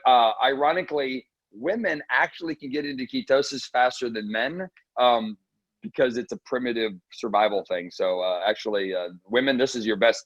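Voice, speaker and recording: A man's voice: mid-range voice, no room sound, low-quality recording. A man on a video call, telling stories enthusiastically as a guest. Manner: enthusiastic storyteller. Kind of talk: casual talk on a video call.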